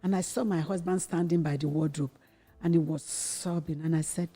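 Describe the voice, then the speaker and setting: With a low, warm, husky voice and a steady tone, the host's mother speaks at a moderate pace over soft background music. This middle-aged woman from Nigeria candidly recounts her family's history to her daughter, earnestly re-enacting past conversations and quoting herself with growing intensity.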